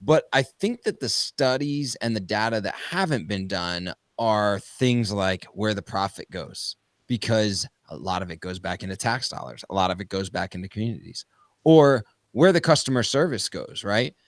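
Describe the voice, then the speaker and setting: A man from the United States co-hosting a panel talk, animated and talking in long run-on thoughts. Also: lowish voice, normal speed, no room sound. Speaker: podcast co-host. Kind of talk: conversational panel discussion.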